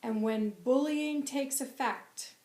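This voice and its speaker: A woman voicing a tall, solemn male spirit guide, speaking in slow, emphatic pronouncements. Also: high voice, darkish tone, roomy sound, pitched above the performer's own voice.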